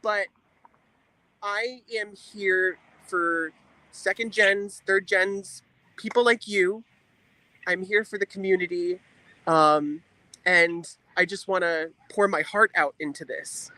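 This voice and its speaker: A man's voice: sits high, steady tone, slow pace, sharp tone, dry recording. A man speaking as a guest on a livestream, earnest and emotional, repeating phrases for emphasis. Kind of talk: earnest heartfelt talk.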